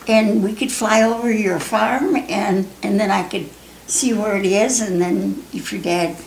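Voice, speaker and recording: Young male pilot, eager, friendly, rushed run-on offer, older woman quoting him, roomy echo. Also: mid-range voice, steady tone, a little hiss or hum, natural voice.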